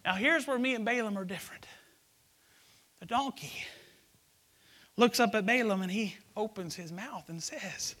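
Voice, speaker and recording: A man preaching a sermon, acting out a story in character voices and swinging between shouted lines and hushed whispers. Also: sits high, expressive, moderate pace, pauses often.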